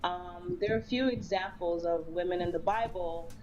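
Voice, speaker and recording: A woman's voice: lowish voice, normal speed, lo-fi sound, background noise. A woman with a New York accent debating in a casual livestream, hesitant with many ums. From New York City. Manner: hesitant, full of ums, then animated. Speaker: debate panelist.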